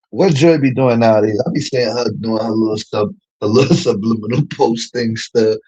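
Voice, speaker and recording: A man, ranting in casual livestream chat, slangy and animated, laughing often. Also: mid-range voice, a little slow, slightly rough, rough recording. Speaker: streamer.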